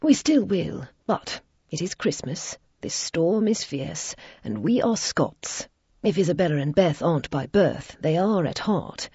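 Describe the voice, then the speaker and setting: A woman voicing a hospitable Scottish noblewoman who speaks in a reasonable, calm way. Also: on the low side, unhurried, breathy edge, dry recording, exaggerated voice. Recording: dull lo-fi recording.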